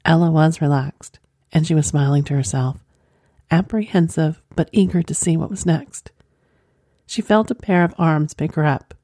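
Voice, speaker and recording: A woman narrates an erotic story in a soft, sensual voice. Her tone is low, dark and mellow. The recording is dry and close, with no room sound. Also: moderate pace, dry recording.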